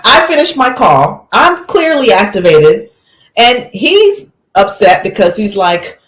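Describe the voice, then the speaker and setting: A woman physician, a guest on a podcast, telling a story with lively acted-out quotes in a relaxed conversational way. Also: medium pitch, unhurried, reverberant. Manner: animated storyteller, acts out quotes.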